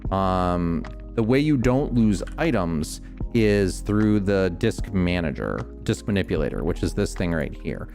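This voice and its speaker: A man streaming a game, calmly explaining each step as he builds and thinking aloud. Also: low voice, a little slow, faint music behind. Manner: relaxed, many ums and restarts. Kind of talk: casual gameplay commentary.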